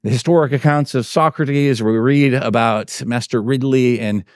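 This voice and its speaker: A man's voice: steady tone, normal speed, darkish tone, no echo, studio quality. A man preaching a sermon in a conversational way, full of fillers and tag questions, and he acts out the quotes he tells. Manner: acts out quotes with big pitch swings. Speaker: pastor.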